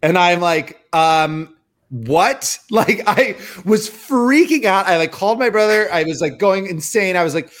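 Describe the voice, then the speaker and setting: A man in his thirties co-hosting a podcast, telling a story in rambling, excitable casual chat full of fillers. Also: sits high, normal speed, hardly any pauses. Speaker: podcast co-host.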